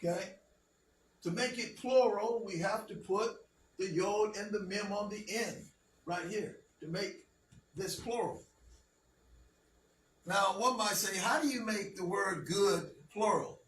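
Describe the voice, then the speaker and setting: A man's voice: high-pitched, slow, long pauses, fairly bright tone. A man teaching a class, talking patiently and checking understanding with frequent "okay?". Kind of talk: classroom language lesson. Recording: roomy, distant, faint background noise.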